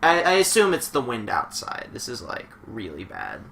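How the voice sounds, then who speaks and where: A man's voice: mid-range voice, wildly swooping pitch, normal speed, gravelly, a bit bright, slight background noise. A young man live-streaming a wrestling video game, rambling and joking through mock play-by-play commentary from home. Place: home room while streaming.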